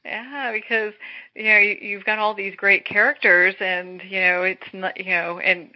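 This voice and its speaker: A woman hosting a casual interview, encouraging her guest and quick to laugh. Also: mid-range voice, little pitch movement, no room sound. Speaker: interview host. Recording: dull dry lo-fi audio.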